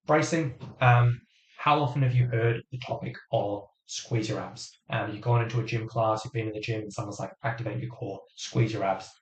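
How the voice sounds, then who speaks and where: A man coaching viewers through a live Q&A on a stream, talking casually and step by step with frequent ums. His voice is getting hoarse after a long session. The room gives off a noticeable echo. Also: medium pitch, fairly even intonation, moderate pace. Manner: chatty, explains step by step with many fillers. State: voice going hoarse. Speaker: fitness coach hosting a live Q&A. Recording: roomy echo.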